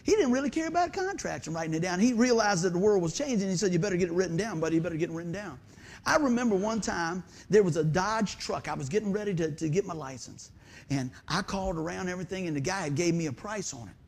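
A man preaching a sermon as pastor of a church, telling folksy stories with lively quoted voices. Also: sits high, fast talker, gravelly. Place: church sanctuary.

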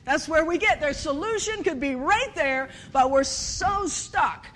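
Woman preacher, high voice, animated, storytelling, humorous sermon, acts out dialogue. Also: unhurried. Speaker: speaker at a church service.

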